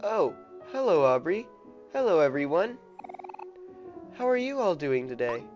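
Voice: medium pitch, very animated, unhurried, darkish tone, pitched above the performer's own voice. A gamer voicing a sweet, cheerful older girl with a welcoming manner, over a dull lo-fi mic with faint game music.

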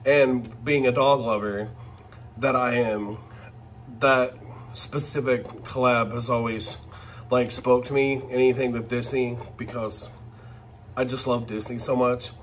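A man hosting a casual unboxing vlog, gushing and excitable as he talks straight to his viewers. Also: medium pitch, unhurried, slight background noise. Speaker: channel host.

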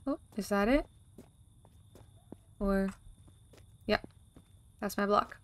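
A woman giving deadpan, darkly joking commentary while she plays a video game and reads its text aloud. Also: mid-range voice, slow pace. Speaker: gaming video creator. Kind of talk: let's play commentary.

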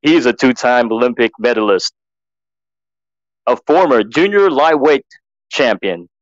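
A man imitating a booming male boxing ring announcer, stretching out the words as they rise toward the names. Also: animated, no echo, dull audio, lightly acted. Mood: grand. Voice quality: drawn-out, rising announcer delivery.

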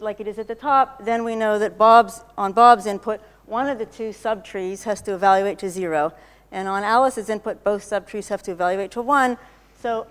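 Woman lecturer, smooth clear voice, long hall reverb, explanatory, throat-clearing. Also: mid-range voice. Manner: explanatory, frequent "okay?" checks and self-corrections. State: clearing her throat often. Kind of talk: technical conference lecture.

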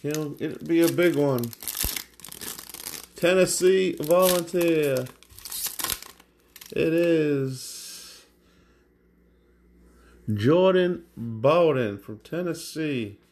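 A man's voice: on the high side, extremely slow, pauses often, darkish tone. A man hosting a card break, calling out card names one at a time as he opens packs. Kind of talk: live card-break commentary. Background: crinkling and tearing of packs.

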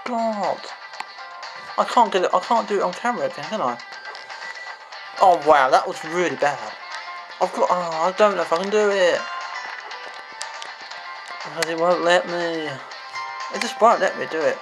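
A man's voice: high-pitched, moderate pace, long pauses, low-quality recording. A man giving frustrated gameplay commentary, swearing and exclaiming. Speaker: gamer. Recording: game music behind the voice.

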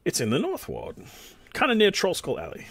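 A man's voice: high voice, huge pitch swings, a little fast, creaky, background noise. A man narrating a tabletop game as game master, casual and joking, with frequent swearing. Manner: joking, swearing, laughing often. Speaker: dungeon master.

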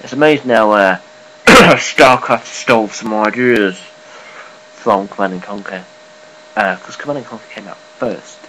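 A man giving a casual, rambling vlog update, swearing offhandedly and filling pauses. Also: on the low side, pushed and bright, a little hiss or hum, poor audio. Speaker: gaming and news vlogger.

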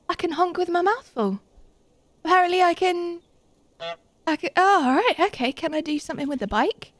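A woman with a high, bright voice chats through a live game stream, bursting into excited giggles and squeals. Her voice is recorded close and dry on a desk mic, with no room echo. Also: normal speed, pauses often. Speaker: Twitch streamer.

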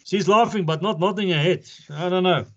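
Brisk and high-pitched, this older South African advocate lectures pupils informally, mixing earnestness with jokes and frequent laughter. The recording sounds dull and lo-fi.

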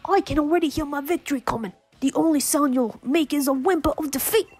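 A woman's voice: high voice, quick pace, darkish tone, faint music behind, pitched above the performer's own voice, close to an everyday voice. A woman voicing a rowdy young punk fan gang member, brash and whiny, reading game dialogue aloud. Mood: taunting.

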